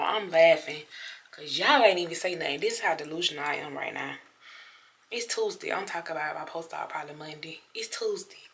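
Woman vlogger, sore after surgery, low pitch, gravelly edge, chatty talk to camera. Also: a bit bright, slight background noise. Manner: chatty, talks straight to viewers as y'all. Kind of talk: casual vlog talk to camera. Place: hotel room, indoors.

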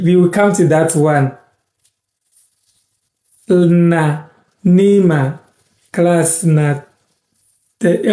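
A man from Ghana teaching words in a casual live-stream lesson, repeating each word slowly and thanking viewers by name. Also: sits high, mellow, echoey room.

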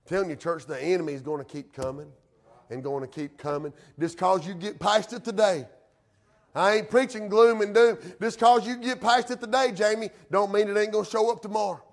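High-voiced preacher man. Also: moderate pace. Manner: folksy, rises to fervent emphasis. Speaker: pastor. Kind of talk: sermon.

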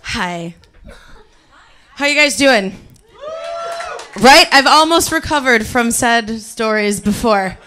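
A woman's voice: a little high, slow, pauses often, faint music behind. Woman, Cleveland accent, live stage storytelling, comic, acts out voices. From Ohio, USA. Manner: animated, comic, acts out quotes. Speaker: storyteller guest. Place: club stage before audience.

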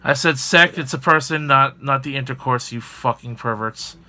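A man's voice: mid-range voice, normal speed, pushed and bright. A man hosting a casual gaming news podcast, rambling with fillers and jokes. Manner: rambling, filler-heavy, joking. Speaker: podcast host.

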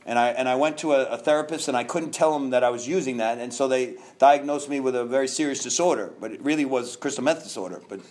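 A man from Miami telling his recovery story at a conference, animated and self-mocking, with many restarts. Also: mid-range voice, quick pace, hardly any pauses. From Miami, Florida. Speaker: recovery speaker. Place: conference hall.

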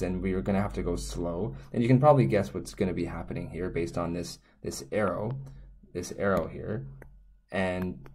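Casting: man, deep and mellow voice, relaxed rambling teacher prone to tangents. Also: breathy edge. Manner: rambling, self-correcting, frequent restarts and tangents. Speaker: Korean language teacher. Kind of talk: casual explanatory lesson.

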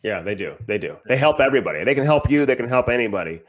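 A man's voice: mid-range voice, animated, rapid-fire. A man co-hosting a podcast, chatting casually and reading sponsor ads, often tacking on "man". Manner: breezy, says "man" a lot. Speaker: podcast co-host. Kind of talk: casual podcast chat and ad reads.

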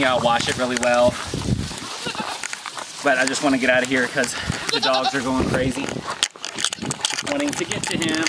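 A man's voice: mid-range voice, noisy background. A man filming a casual farm vlog outdoors, chatting in a laid-back way while handling a snake. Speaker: farm vlogger.

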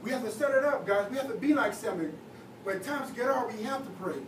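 A man's voice: very high-pitched, a little fast. A young man, a youth leader, preaching a sermon in a casual, conversational way with lots of fillers. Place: church hall. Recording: echoey church hall, taped from far off with noise.

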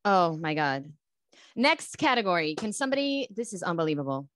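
A woman hosting a casual quiz chat, excitable and quick to exclaim. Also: fairly low pitch, no room sound, clean studio sound. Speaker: show host.

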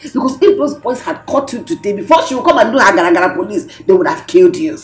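A woman's voice: mid-range voice, sing-song, fast talker, lightly acted. An actress playing a middle-aged mother who lectures her grown children in a film. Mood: warning. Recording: echoey room with music under.

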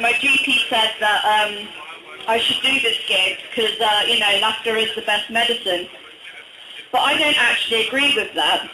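A stand-up comic with a slight northern English accent and a strikingly high voice, delivering deadpan one-liners between hesitant ums. The recording is a phone capture from the crowd, roomy and echoey, with clear bar noise behind him. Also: male voice. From Durham, England. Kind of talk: stand-up comedy set. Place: small bar venue, indoors. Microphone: phone recording from the audience.

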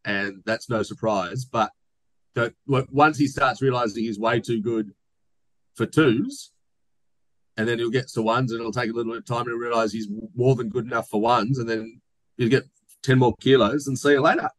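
A man's voice: medium pitch, steady tone, moderate pace, no echo, rough recording. A man co-hosting a podcast, chatting casually and joking while reading listener mail aloud. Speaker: podcast co-host. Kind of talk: casual chat.

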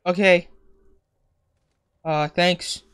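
A man's voice: high-pitched, steady tone, very slow, fairly bright tone, smooth. A man giving casual, profane, joking commentary while playing a video game, talking to himself as he goes. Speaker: gamer. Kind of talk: casual let's-play commentary.

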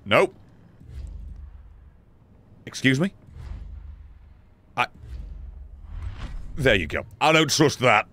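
A man giving excitable, profane, laugh-filled commentary while playing a video game. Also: medium pitch, drawn-out words, pauses often. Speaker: gaming YouTuber. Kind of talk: let's play commentary.

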